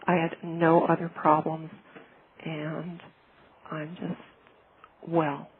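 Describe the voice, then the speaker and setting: A woman sharing a personal healing testimonial in an earnest, heartfelt way, often pausing and restarting her sentences. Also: low-pitched, little pitch movement. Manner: halting, with frequent restarts and fillers. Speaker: client giving a testimonial. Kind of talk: personal testimonial, casual telling. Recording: phone-like lo-fi with faint noise.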